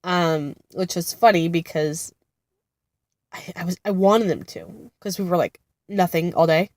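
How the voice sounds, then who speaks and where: A woman in her thirties, a vlogger and mother of two, chats casually while sitting in a car-like space outside a therapy center. Her voice is on the low side and a little mellow, with a measured pace and no echo. She sounds congested from being sick and rambles about her kids with lots of fillers and laughter.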